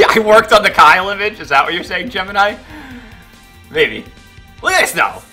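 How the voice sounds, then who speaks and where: A man's voice: high voice, animated, normal speed, sharp tone. A man chatting casually while streaming a game, greeting viewers and reacting to it. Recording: game music playing behind. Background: faint game music.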